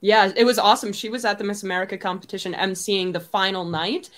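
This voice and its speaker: A woman's voice: mid-range voice, fairly even intonation, a bit bright. A young woman from Wisconsin, a pageant winner being interviewed, chatting in a bubbly way and laughing often. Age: young adult. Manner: bubbly, laughs often, speaks in quick upbeat bursts. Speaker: guest, reigning Miss America. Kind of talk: casual interview chat.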